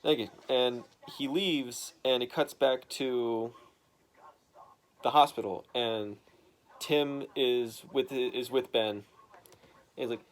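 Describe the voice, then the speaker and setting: A man in a loose, rambling recap of a comic book. He talks in a mid-pitched voice, full of fillers and the occasional curse. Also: fairly even intonation, slow pace. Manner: rambling, filler-heavy, swearing.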